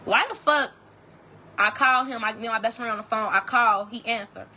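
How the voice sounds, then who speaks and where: A young woman with a high, bright voice tells her viewers a personal story in a casual storytime chat. She is blunt and profane, and she often stops and restarts her sentences. The sound is dull and lo-fi. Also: moderate pace. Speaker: storytime vlogger.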